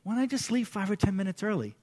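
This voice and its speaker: A middle-aged male pastor preaching to his congregation, animated and interactive, quizzing the audience. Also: sits high, quick pace. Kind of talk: sermon. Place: church service.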